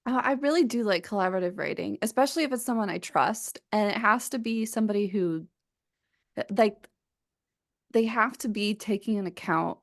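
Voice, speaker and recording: Chatty woman with a gravelly edge. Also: mid-range voice, fairly quick, no echo, studio quality. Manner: chatty, many fillers and restarts. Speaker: podcast co-host. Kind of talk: casual chat.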